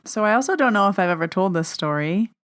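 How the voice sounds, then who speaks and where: A woman's voice: mid-range voice, animated, fast talker. A young woman hosting her own podcast, chatting casually and telling stories, often saying "like" and acting out the dialogue. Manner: chatty storyteller, acts out dialogue, says "like" often. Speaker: podcast host and medium. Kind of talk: casual solo podcast chat. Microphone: podcast microphone.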